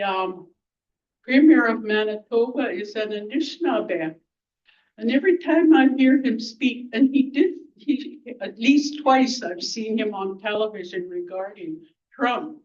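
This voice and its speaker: A woman giving a blunt, angry, outspoken speech at a community event, often pausing to search for words. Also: fairly high pitch, a little mellow, far from the mic, lo-fi sound. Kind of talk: impromptu public speech.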